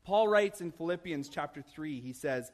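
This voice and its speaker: A man's voice: on the high side, animated, normal speed. A man in his thirties, a pastor preaching a sermon in a church, conversational with humorous asides and emphatic rises. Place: church sanctuary.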